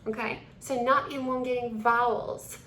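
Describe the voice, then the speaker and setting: A woman's voice: on the high side, steady tone, measured pace, a bit bright, echoey room, a little hiss or hum. A young woman voice teacher explaining vocal techniques and switching into a demonstrated male voice to show the difference. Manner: switches between her own and a demonstrated male voice.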